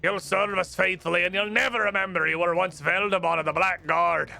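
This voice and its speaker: Man putting on a slow, menacing cult captor. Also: high voice, fairly even intonation, gravelly, bright, forceful tone, faint music behind, heavily acted. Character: menacing male cult captor, cold and threatening.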